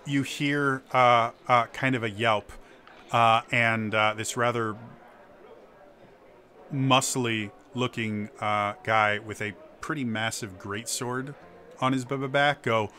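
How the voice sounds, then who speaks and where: Male game master, bright voice, stammering, halting delivery. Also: medium pitch, fairly even intonation. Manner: halting, stuttering narration. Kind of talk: narrating a tabletop game.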